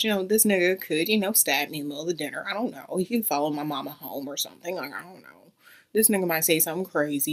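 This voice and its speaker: A woman's voice: lowish voice, a bit bright. A woman, telling a brash, profane storytime rant to her viewers. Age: 20s. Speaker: YouTuber.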